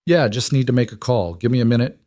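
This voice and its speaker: A man's voice: medium pitch, expressive, quick pace, a little mellow, no echo, studio quality, close to an everyday voice. A man voicing a guarded former soldier and father, speaking tersely and firmly. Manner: terse, firm.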